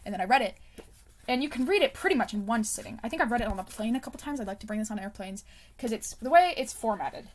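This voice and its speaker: A young woman talking straight into a camera at her desk with a somewhat high voice. She chats casually and rambles, filling the gaps with ums and likes. She giggles often and slips into soft, self-conscious whispers. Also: animated, quick pace. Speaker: book vlogger. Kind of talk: casual chat.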